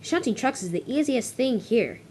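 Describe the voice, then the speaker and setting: A woman's voice: on the high side, animated, normal speed, darkish tone, slight background noise, lightly acted. Sneering, lazy male dump truck, woman voicing; dismissive and mocking.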